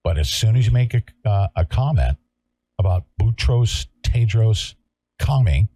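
A man from California hosting a talk show, ranting loudly and sarcastically in a combative way. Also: fairly low pitch, expressive, measured pace, husky, no room sound. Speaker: show host. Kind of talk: heated talk-show rant.

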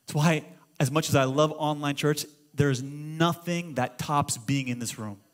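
A middle-aged man preaching a sermon as pastor, moving between loud exclamations and hushed storytelling. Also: fairly high pitch, fairly even intonation, unhurried. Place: church auditorium.

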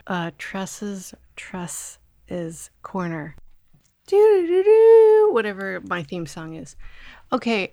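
A woman hosting a podcast in casual chat, making dry, sarcastic asides and quick interjections. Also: on the low side, no room sound. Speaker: podcast host.

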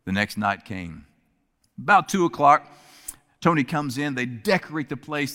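Animated male preacher telling a story. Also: fairly high pitch, a little slow. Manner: animated, shifts voice to act out characters. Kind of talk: sermon storytelling. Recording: long hall reverb.

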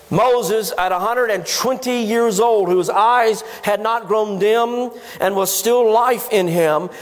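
High-voiced man preaching a sermon. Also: long reverb tail. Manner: emphatic preaching with rhetorical questions to the congregation. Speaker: pastor. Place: church sanctuary.

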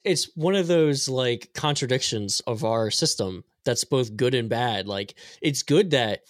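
A man's voice: mid-range voice, expressive, a little slow, no room sound, clean studio sound. A man in a casual political podcast chat, talking bluntly with exasperation. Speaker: podcast panelist.

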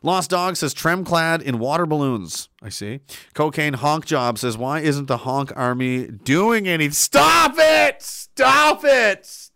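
A man's voice: a little high, animated, unhurried, fairly bright tone, clear, resonant tone, dry recording, clean studio sound. A man streaming casually, reading chat aloud and rambling sarcastically with lots of fillers. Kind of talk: casual live-stream commentary.

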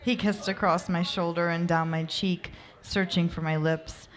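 A woman narrating an amateur erotic story in a soft, unhurried reading voice. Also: fairly low pitch, steady tone. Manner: soft, unhurried reading with occasional laughs at slips.

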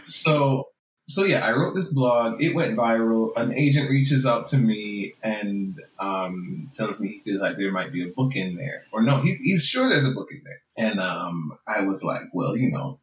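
A man's voice: on the low side, expressive, unhurried, a little hiss or hum. Frank man with a Jamaican accent. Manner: frank, reflective, laughs easily. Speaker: author guest. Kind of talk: interview conversation. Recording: roomy room with faint music.

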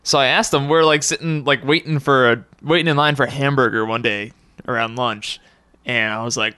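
A man's voice: mid-range voice, steady tone, fairly quick, pushed and bright, clean tone, no room sound, clean studio sound. A young man hosting a casual podcast, rambling and laughing often as he tells stories. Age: young adult. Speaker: podcast host.

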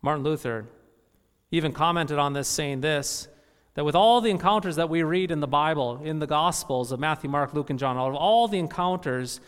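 A man's voice: fairly high pitch, in a large hall. A male pastor preaching a sermon in an emphatic way, often repeating phrases for effect.

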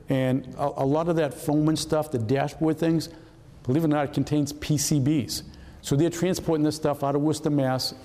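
A man in his seventies from Massachusetts tells war stories from his career to an audience. His voice is mellow and relaxed, and it carries a long reverb, as if he is speaking in a large hall. He talks casually, restarting and repeating words and voicing the people in his tales. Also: mid-range voice. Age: 70s. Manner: conversational, repeats words, acts out dialogue. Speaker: retired FBI agent giving a talk. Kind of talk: storytelling lecture with slides.

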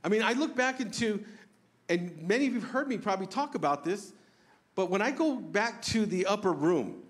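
A pastor preaching an earnest, conversational sermon, asking the congregation questions and joking about himself. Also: male voice, high-pitched, animated, moderate pace. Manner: self-deprecating humor.

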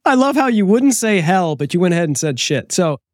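Male co-host, slightly high voice, supportive quick reactions, dry mic. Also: sing-song, dry recording. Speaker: podcast co-host. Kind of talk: casual chat.

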